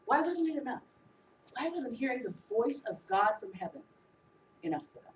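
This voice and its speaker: A woman preacher giving a sermon, animated and humorous as she acts out the disciples. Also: high-pitched, normal speed, a little hiss or hum. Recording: echoey room, voice from a distance.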